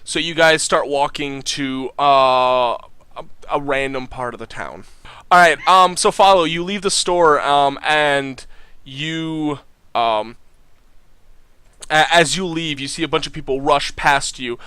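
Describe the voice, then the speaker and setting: Young male game master, bright clear voice, halting narration. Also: on the high side, no room sound. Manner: halting, many fillers and restarts.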